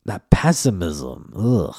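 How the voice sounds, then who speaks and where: Profane, ranting low-voiced man. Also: big pitch swings, slow pace, darkish tone, dry recording, clean studio sound. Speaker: podcast host and comedian. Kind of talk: casual solo monologue.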